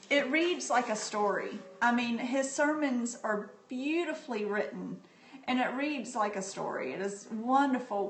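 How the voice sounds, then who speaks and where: A middle-aged woman hosting a casual live stream about books, talking in a chatty, heartfelt way with frequent ums. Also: a little high. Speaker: livestream host sharing books. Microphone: phone. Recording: echoey room, phone mic.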